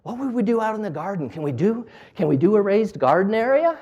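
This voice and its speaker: Guy giving a talk, super animated, does little voices for people in his stories. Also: high voice, fast, highs cut off. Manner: animated, acts out dialogue in quoted voices. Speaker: business owner giving a talk. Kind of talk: storytelling speech.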